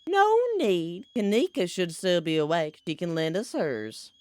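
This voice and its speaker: A woman voicing a polite, soft-spoken older mother with a put-on Southern accent while reading a game aloud. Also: lowish voice, very animated, a little slow, no room sound. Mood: genteel. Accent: put-on American Southern. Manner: polite, gently concerned, lilting. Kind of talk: reading a visual novel aloud, doing voices.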